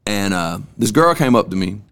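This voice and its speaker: A young man with a gravelly edge to his voice spins stories on a casual podcast. His talk is loose and slangy and full of cussing. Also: lowish voice, sing-song, moderate pace, fairly bright tone. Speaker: podcast host.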